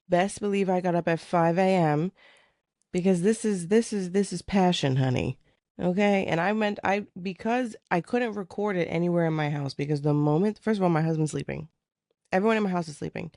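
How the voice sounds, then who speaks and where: Woman host, candid chatty delivery, mellow low voice, dry close mic. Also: dry recording. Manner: chatty, candid, swears freely. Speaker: podcast host. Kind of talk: casual chat. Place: her living room at home. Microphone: studio microphone.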